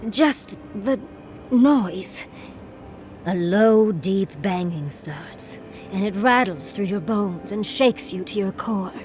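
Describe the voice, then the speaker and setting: A woman's voice: medium pitch, expressive, slow, a little mellow, faint music behind. An actress voicing a furred female adventurer companion in a video game, with a wry, teasing manner that tosses out darling and dear. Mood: wistful. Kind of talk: video game character dialogue.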